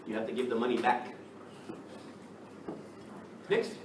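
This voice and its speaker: A man from the United States teaching an English class, lively and checking in with the students by asking "right?" again and again. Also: mid-range voice, a little slow. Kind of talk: classroom lecture. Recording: echoey classroom from far off, noisy.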